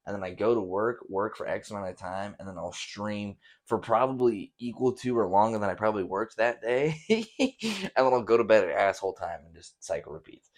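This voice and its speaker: A young man hosts a podcast in a loose, rambling monologue. His voice sits on the low side. He swears casually and leans on fillers as he talks. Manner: laid-back, profane, rambling with many fillers. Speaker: podcast host.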